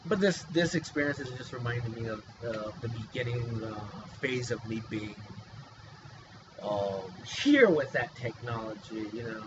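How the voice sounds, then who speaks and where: A man with a medium-pitched, slightly slow voice rambles to camera in a personal vlog, agitated and pleading, with many restarts and fillers in an emotional monologue. The audio is dull and lo-fi with noticeable hiss.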